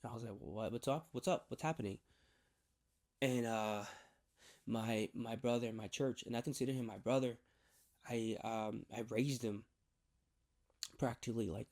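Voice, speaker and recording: Halting, heartfelt man sharing his faith. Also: medium pitch, a little mellow. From New York. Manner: halting, many restarts and repeated words. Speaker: faith vlogger. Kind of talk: candid personal testimony.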